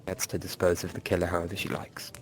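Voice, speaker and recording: A man's voice: sits low, monotone, quick pace, slight background noise, lightly acted. A man voicing a large male centaur who speaks in terse, subdued sentences. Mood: subdued grief. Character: large male centaur, grieving but steady.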